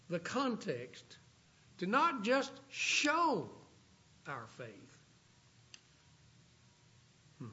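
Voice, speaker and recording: A man preaching a sermon, reading scripture aloud and slowing down for emphasis. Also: sits high, fairly bright tone. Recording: dull lo-fi recording.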